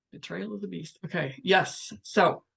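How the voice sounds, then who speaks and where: A woman's voice: on the low side, vocal fry, husky. A woman speaking as a spiritual coach in a casual livestream, talking frankly and chattily and reading viewer comments aloud.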